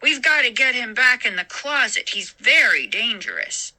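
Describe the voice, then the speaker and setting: A woman voicing a man scientist who slowly and urgently insists he is the real father. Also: fairly high pitch, lively intonation, bright, forceful tone, pitched above the performer's own voice, low-quality recording. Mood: commanding.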